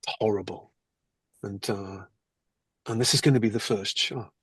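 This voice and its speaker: An older man, an actor, telling lively anecdotes in an interview and acting out the people he quotes. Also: lowish voice, moderate pace, breathy edge, no room sound. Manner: animated, acts out quoted people. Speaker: actor guest.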